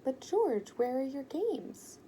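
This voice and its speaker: A curious little boy asking question after question, raised eager voice, a little gravelly, as a woman reads him out. a storybook figure told aloud to children. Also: a little high, animated, normal speed, dark tone, slight background noise.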